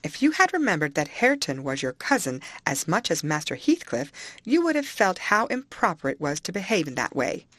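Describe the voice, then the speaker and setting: A woman's voice: fairly low pitch, very animated, a little fast, fairly bright tone, no echo. A woman voicing an earnest older housekeeper who reproves a girl firmly but kindly. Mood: reproving.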